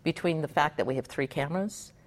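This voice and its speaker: A middle-aged woman from Hawaii, a puppeteer being interviewed, chatting in an animated way and laughing often. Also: sits low, fast talker. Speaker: puppeteer guest. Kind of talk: conversational interview.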